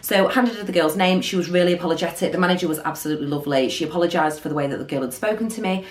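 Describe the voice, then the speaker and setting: A woman telling an animated storytime vlog. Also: on the low side, rapid-fire. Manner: animated storytelling, acting out quotes. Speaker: beauty vlogger. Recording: roomy echo.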